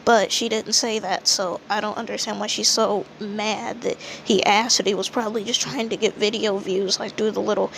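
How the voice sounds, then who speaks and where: A woman's voice: mid-range voice, steady tone, normal speed, gravelly, hardly any pauses, fairly bright tone, slight background noise, low-quality recording. A woman giving an indignant, ranting commentary monologue, peppered with "like". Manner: indignant, heavy use of "like" fillers. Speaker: commentary vlogger.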